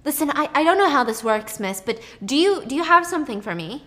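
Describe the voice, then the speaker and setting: A woman's voice: high-pitched, big pitch swings, a little fast, a bit bright, pitched above the performer's own voice. A woman voicing an arrogant, irritable wealthy businessman in a retold story. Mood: flustered. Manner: clipped, irritable, impatient. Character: rich arrogant middle-aged businessman, curt.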